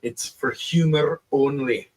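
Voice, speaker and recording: A man, an inventor, talking in a relaxed group video chat, animated and quick to laugh and swear. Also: fairly high pitch. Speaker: inventor and show guest.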